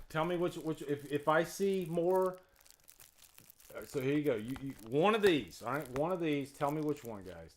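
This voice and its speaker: Excitable man hosting a live stream. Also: a little high. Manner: excitable, joking, talks straight to his chat. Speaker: host of a live movie night stream. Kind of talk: casual live-stream chat. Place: home room with a wall TV. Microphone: external mic.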